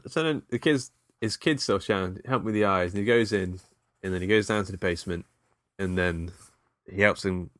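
A man's voice: sits low, brisk, no echo, studio quality. A British man recapping a film in casual chat, rambling with laughs and fillers. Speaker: podcast co-host.

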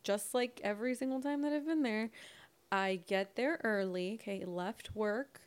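A woman's voice: medium pitch, moderate pace, clear, resonant tone. A young woman co-hosting a podcast, chatting casually and acting out both sides of a conversation as she tells a story. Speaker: podcast co-host. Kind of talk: casual chat.

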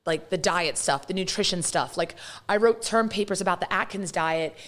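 A woman from London in her thirties, talking fast and loosely with lots of fillers as a guest in a casual interview. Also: fairly low pitch, a bit bright. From London, England. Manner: talkative, fast storytelling with many fillers.

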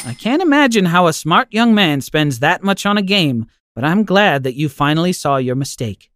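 A man voicing a kindly old grandmother in a storybook podcast, speaking softly and reassuringly. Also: on the high side, very animated, moderate pace, no room sound. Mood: gentle, kindly. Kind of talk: storybook narration.

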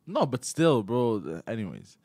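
A man co-hosting a comedy podcast, telling a story in an animated way and acting out the quotes. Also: mid-range voice, moderate pace, no room sound. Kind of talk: casual comedy chat, storytelling.

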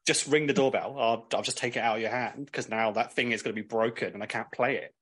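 A man guesting in a relaxed podcast chat, blunt and quick to swear. His voice sits at an ordinary middle pitch, and he rants with casual, unpolished phrasing. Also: slight background noise. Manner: blunt, swears freely, ranting. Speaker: guest, clothing brand owner.

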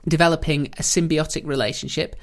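A man's voice: a little high, fairly even intonation, quick pace. Man, podcast host, casual history chat, playful storytelling. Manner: jokey storytelling, laughs often.

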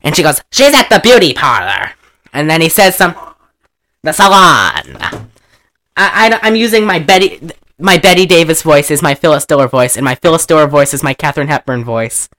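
A man casually retelling an old film, animated and profane, laughing often and acting out the characters' lines. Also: a little high, fast, few pauses. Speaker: movie recapper.

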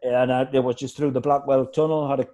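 Speaking at a quick pace with a medium-pitched voice, a former footballer guest tells stories about football in an easygoing chat. He gets animated, voicing other people and acting out their shouts.

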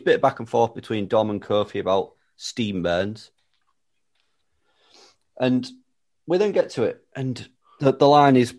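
A man's voice: medium pitch, a little slow, pauses often, a little mellow. A man casually telling a made-up wrestling-style storyline with dry, playful tangents. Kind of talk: casual chat, pitching a joke storyline.

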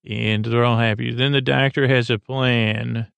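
A man hosting a bedtime podcast, retelling a TV episode in a halting, rambling way with many fillers and restarts. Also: medium pitch, steady tone, vocal fry, fairly bright tone, clear, resonant tone, no echo. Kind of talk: sleepy rambling recap.

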